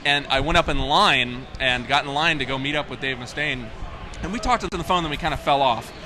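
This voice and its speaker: Man, game developer, enthusiastic, animated storyteller, rapid-fire, bright voice. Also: medium pitch. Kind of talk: casual interview.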